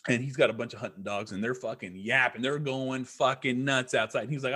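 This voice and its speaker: Husky-voiced man telling a rambling story. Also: mid-range voice, fairly even intonation, fairly quick, bright, forceful tone. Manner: profane, rambling, emphatic. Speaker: podcast guest. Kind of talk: casual storytelling.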